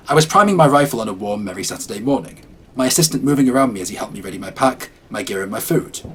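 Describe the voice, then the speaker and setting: A man telling a first-person horror story as scripted narration, in a calm, measured way. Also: on the low side, background noise.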